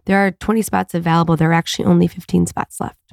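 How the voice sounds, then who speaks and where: A woman's voice: lowish voice, level tone, quick pace, gravelly, a little mellow, no room sound, clean studio sound. A woman hosting her own podcast, talking alone in an earnest, confessional, rambling way with many fillers, from home. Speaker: podcast host and coach. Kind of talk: casual solo podcast monologue.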